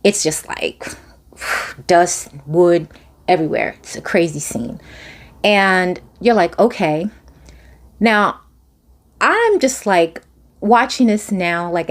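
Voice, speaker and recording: A woman's voice: lowish voice, lively intonation, slow pace. A woman hosting a podcast, ranting through a casual episode recap in a sarcastic, incredulous way. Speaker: podcast host. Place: home near a train line.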